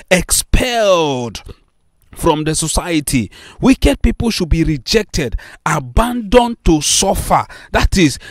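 A man's voice: high-pitched, no echo, clean studio sound. A man preaching a sermon, listing sins with emphasis and pressing his listeners to repent. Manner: emphatic listing, rising to urgent appeals.

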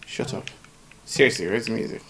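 A man's voice: fairly low pitch, fairly quick, over music. A man casually commenting on a game he plays, swearing and joking as he reads the text aloud. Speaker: gameplay commentator. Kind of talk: casual let's play commentary.

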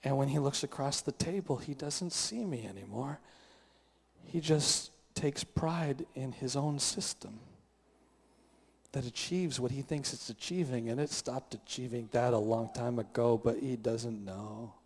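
A man voicing a lonely, hurting wife in a sermon, speaking in a hushed, confiding way. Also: a little high, monotone, quick pace, vocal fry, hardly any pauses, big-room sound. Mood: hushed, sorrowful.

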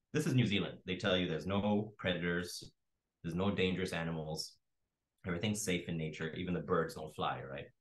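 Low-voiced man, lively storyteller, leads a baking demo in a casual way. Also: rough recording. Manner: animated storyteller, acts out quotes. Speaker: baking class host.

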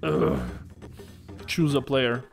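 A man's voice: medium pitch, sing-song, extremely slow, faint music behind. A man giving casual let's-play commentary while gaming, joking, swearing and laughing often.

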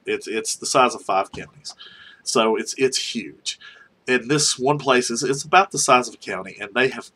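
Middle-aged man from North Carolina, husky tone, rambling anecdotal storyteller. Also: medium pitch, normal speed, pushed and bright. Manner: rambling, many restarts, chuckles through stories. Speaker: archaeologist telling field stories. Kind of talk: casual spoken memoir storytelling.

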